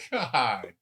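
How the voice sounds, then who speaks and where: A man's voice: medium pitch, pushed and bright, slightly rough. A man playing as a contestant in a casual podcast trivia game who jokes, hams it up and argues calls with the host. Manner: jokey, theatrical, argues with the host. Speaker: quiz contestant.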